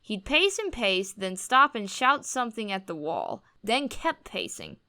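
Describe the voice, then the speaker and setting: A woman reads a first-person blog story aloud in a wry, amused tone. Her voice is bright and crisp, with a clean, smooth sound. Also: mid-range voice, sing-song, unhurried. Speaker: reader on a commentary channel. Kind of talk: reading a blog post aloud.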